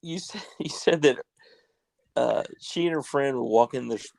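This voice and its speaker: A podcast host with a very gravelly, creaky voice asks quiet follow-up questions and chuckles along. The sound is dry. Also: medium pitch, unhurried, no room sound. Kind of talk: casual interview chat.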